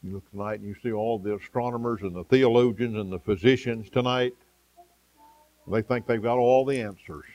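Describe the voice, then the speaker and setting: A man preaching, with a voice of middling pitch. His delivery is rhythmic, climbing to emphasize points and then sinking to a soft, low murmur. The sound is dry and close, with no room echo. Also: steady tone, moderate pace, lo-fi sound. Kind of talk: evening sermon.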